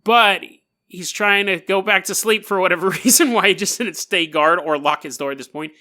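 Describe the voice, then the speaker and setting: A podcast host casually retells a folk tale, tossing in joking, rambling asides. He speaks at a normal speed in a high, sharp voice.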